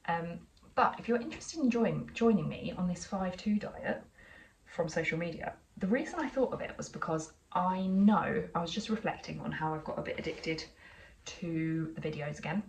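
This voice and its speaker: A woman's voice: lowish voice, moderate pace, recorded from a distance, slight background noise, rough recording. A woman with an English accent chatting casually in a vlog, telling a rambling story with lots of asides. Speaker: vlogger.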